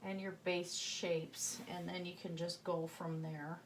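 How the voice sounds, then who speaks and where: A woman's voice: lowish voice, flat delivery, a little slow, a little hiss or hum. A woman with a slight Southern US accent, giving a chatty painting tutorial and thinking aloud as she works, sometimes dropping to a murmur. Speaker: painting instructor.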